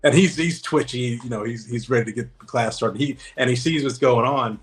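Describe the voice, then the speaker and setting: Relaxed man telling a war-story anecdote. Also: medium pitch, fairly quick, rough recording. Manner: easygoing anecdotal telling, acts out dialogue. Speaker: guest, former Navy special operator. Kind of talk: casual interview storytelling.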